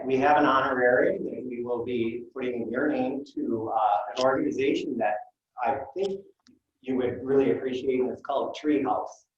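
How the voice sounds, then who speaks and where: A man's voice: mid-range voice, slight background noise. Distant man hosting in an echoey room. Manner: polite, formal thanks. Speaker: meeting host. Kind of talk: hosting a club meeting. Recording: roomy distant lo-fi mic.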